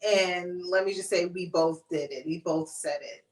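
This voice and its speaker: A woman co-hosting a podcast, giving her opinions in a relaxed, casual chat. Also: fairly low pitch, normal speed. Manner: relaxed, opinionated, laughs easily. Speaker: podcast co-host. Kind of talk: casual chat recapping a reality show. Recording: roomy sound with the mic a bit far off.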